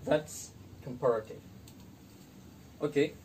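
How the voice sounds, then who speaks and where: A young student teacher from Indonesia talks through an English grammar lesson at a very slow pace. Each example word comes twice, and the phrasing is non-native. The mic sits some way off, with faint noise behind. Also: medium pitch, distant mic. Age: young adult.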